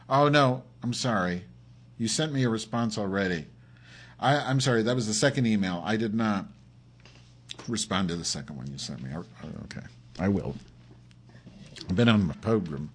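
A man hosting his own podcast, talking off the cuff with constant swearing, camp asides and sudden swings between low mutters and excited yelps, while complaining of a headache. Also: moderate pace, slightly rough. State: has a headache. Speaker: podcast host. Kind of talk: rambling solo podcast.

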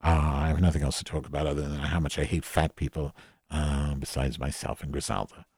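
Heavily acting, a man with a very deep, level-toned voice voices Madge, a cranky, foul-mouthed office worker, for an improvised comedy bit as a podcast host in character. He talks a little fast with a darkish, breathy tone, rambling, swearing, mocking himself, and restarting many times. The studio-quality audio has no room sound.

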